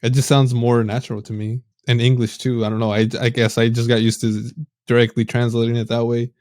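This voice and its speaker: A man co-hosting a podcast in relaxed casual chat, tossing in slang like "bro". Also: medium pitch, fairly quick, no echo, studio quality. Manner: relaxed, chatty, says "bro". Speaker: podcast co-host.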